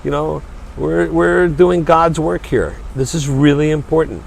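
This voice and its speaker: A man's voice: on the high side, a little slow, creaky. Male guest, passionate and emphatic, restarts sentences; light street noise in the background. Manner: earnest, emphatic, repeats words when starting sentences. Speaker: restaurant owner and charity chairman, guest. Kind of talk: passionate interview talk.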